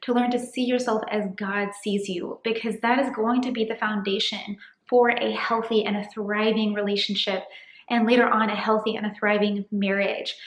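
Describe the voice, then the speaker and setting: A woman in her thirties giving earnest, encouraging faith-based dating advice in a casual vlog, slightly out of breath. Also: medium pitch. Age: 30s. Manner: earnest, encouraging, gently preachy. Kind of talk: casual to-camera vlog talk. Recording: echoey room.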